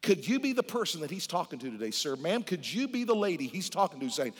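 A male pastor preaching a fervent sermon to his church, talking straight to the congregation and swinging between hushed and loud. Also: a little high, sing-song, fast talker, few pauses, breathy edge. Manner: addresses the congregation directly. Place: church sanctuary. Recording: long church-hall reverb.

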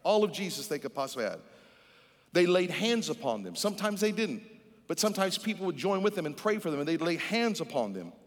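A male pastor preaches with a high voice that leaps all over the place, playing out small scenes and voices as he goes. His sermon rings out with a long hall reverb, as in a big church. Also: a little fast. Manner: animated preaching, acts out voices and repeated chants.

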